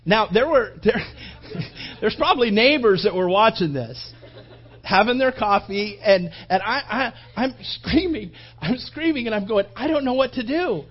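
Husky high-voiced preacher telling a story. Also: male voice, unhurried, muffled recording. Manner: animated storyteller, acts out his own thoughts. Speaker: pastor. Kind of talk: sermon with a personal story.

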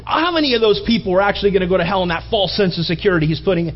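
A man preaching a sermon in an animated, mocking way, building to emphatic appeals. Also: high voice, rapid-fire, dull audio, soft background music. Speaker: pastor.

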